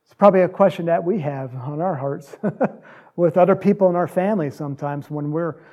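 A man's voice: a little high, fairly quick, dull audio. A man preaching an informal, conversational sermon, with frequent fillers. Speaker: pastor.

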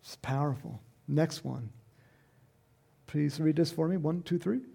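A middle-aged male pastor preaches in a loose, conversational way, often rising into loud, emphatic bursts. His voice sits a little high and has a gravelly, fry-laden edge. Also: unhurried. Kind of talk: sermon.

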